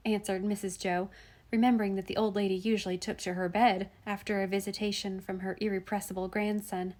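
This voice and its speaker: Woman reading an old kids' novel out loud, calm and gentle, normal pitch. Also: a little fast. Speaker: narrator. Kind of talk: audiobook reading of a classic novel.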